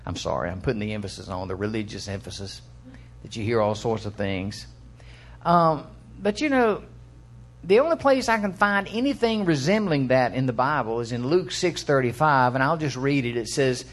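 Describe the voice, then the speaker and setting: A man's voice: on the high side, animated. An older man preaching a sermon in a conversational way, asking his listeners questions and reading scripture aloud. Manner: acts out quick quoted voices for illustration.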